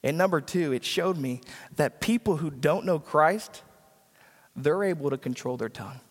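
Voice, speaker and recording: A man's voice: on the high side, expressive, normal speed. A man preaching a sermon as a pastor, driving points home with repetition and acting out the people he quotes. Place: church sanctuary. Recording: church hall reverb.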